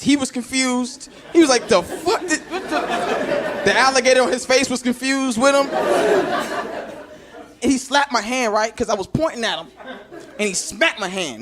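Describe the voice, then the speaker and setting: A man's voice: extremely high pitch, noisy background. A man from Chicago doing a stand-up routine, telling a story and acting out the voices of people in it. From Chicago, USA. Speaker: stand-up comedian. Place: comedy stage before a live audience. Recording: live club recording with loud crowd. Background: loud audience laughter.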